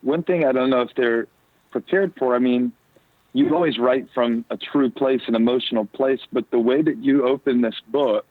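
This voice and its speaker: A man's voice: medium pitch, normal speed, no echo. Southern man on a tinny phone line. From American South. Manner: playful, teasing, chatty. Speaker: pastor, guest. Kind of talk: casual phone conversation. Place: on a porch. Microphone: phone call.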